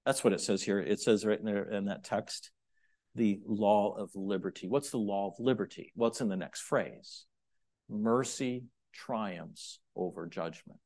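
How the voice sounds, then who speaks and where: A middle-aged man preaching a sermon, moving between loud, emphatic points and quiet, chatty asides to the congregation. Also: lowish voice, fairly even intonation, normal speed. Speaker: pastor.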